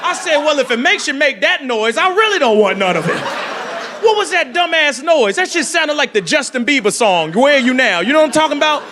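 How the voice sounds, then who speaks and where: A man performing a loud, animated stand-up set in a comedy club, telling stories full of voices and shouts. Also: very high-pitched, fairly quick. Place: comedy club with live audience. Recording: live club recording with crowd laughter and noise.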